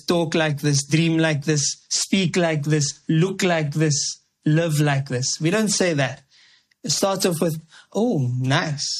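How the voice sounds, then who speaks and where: Man, high voice, Quran teacher: glosses Arabic terms, asks rhetorical questions, emphatic repeated phrasing. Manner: emphatic repetition, lively rises in pitch. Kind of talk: verse-by-verse Quran commentary.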